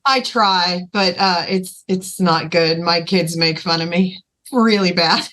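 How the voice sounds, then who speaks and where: A woman hosts a podcast with a bright, sharp tone. She chats casually and reacts with upbeat encouragement. She moves quickly from one question to the next. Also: lowish voice. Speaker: podcast host. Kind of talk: casual interview chat.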